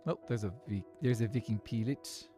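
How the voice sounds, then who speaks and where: Over music, an Irish gamer with a fairly low voice talks at a moderate pace during his live stream. His chat with viewers is casual and rambling, as though he's thinking out loud.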